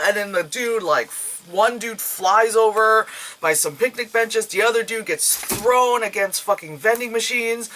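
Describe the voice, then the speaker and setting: A young man with a bright, edgy voice talks through a movie review in a loose, rambling way. He swears freely and keeps jumping into raised voices to mimic the characters. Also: sits high, normal speed, a little hiss or hum, poor audio. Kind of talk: casual spoken movie review.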